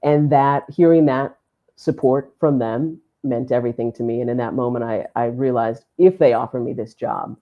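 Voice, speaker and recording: A woman sports announcer telling a story in a podcast interview, animated and laughing often as she acts out what people said. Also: a bass voice, normal speed, highs cut off. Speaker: sports play-by-play announcer, guest.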